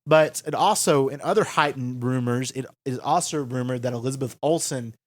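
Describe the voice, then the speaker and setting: A man co-hosting a podcast in casual chat, eager and quick to laugh. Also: mid-range voice, no room sound. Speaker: podcast co-host.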